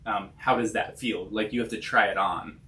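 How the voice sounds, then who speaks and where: A man's voice: fairly low pitch, fairly even intonation, normal speed, bright, forceful tone. Man explaining things on a therapy podcast. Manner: thoughtful, explanatory, tag questions. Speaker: podcast co-host, licensed counselor. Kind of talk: casual conversational podcast.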